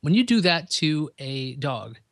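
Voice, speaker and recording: A man's voice: on the high side, very animated, measured pace, fairly bright tone, no room sound, clean studio sound. A man hosting a podcast, talking casually to listeners and explaining ideas through everyday examples. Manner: conversational, chatty, explains with examples. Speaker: podcast host.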